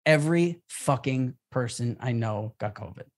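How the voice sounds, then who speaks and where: A man's voice: mid-range voice, animated, normal speed. Rambling man, filler-heavy podcast chat. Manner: acts out quoted reactions. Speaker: podcast co-host. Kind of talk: casual chat.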